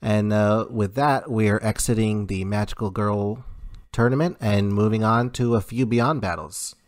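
A podcast host calmly giving feedback and reading comic recaps aloud. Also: medium pitch, dry recording. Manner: measured, reads recaps aloud.

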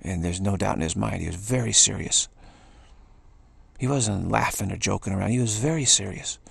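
A man with a deep, heavily gravelly voice gives an earnest spiritual talk. He repeats his key phrases and stumbles into restarts, and his husky tone sits in a dry, close-sounding space. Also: moderate pace, no room sound. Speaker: spiritual speaker.

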